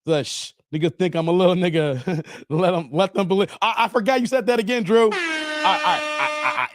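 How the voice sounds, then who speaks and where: Forties male streamer, slangy and joking, lively swinging delivery, a touch high. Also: a little fast, no room sound, studio quality. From Chicago area, United States. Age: 40s. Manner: joking, laughs often, slangy and emphatic. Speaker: livestream host. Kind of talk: casual livestream commentary.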